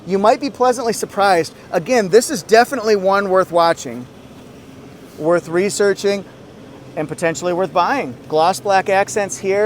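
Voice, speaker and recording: A man's voice: high-pitched, normal speed, a little hiss or hum. A man reviewing a car from inside it in a casual, upbeat walkthrough with joking asides.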